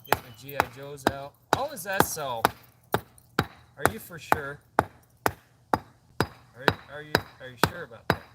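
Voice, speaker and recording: A man's voice: a little high, lively intonation, unhurried, pauses often, distant mic, heavy background noise. A man hosting a casual livestream outdoors on a hot day, rambling and chatting to his dog. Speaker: livestream host.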